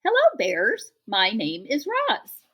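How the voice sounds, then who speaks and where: A woman voicing a calm, polite female robot mother who speaks in formal, measured sentences. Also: fairly high pitch, exaggerated voice. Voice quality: gentle, formal, measured speech.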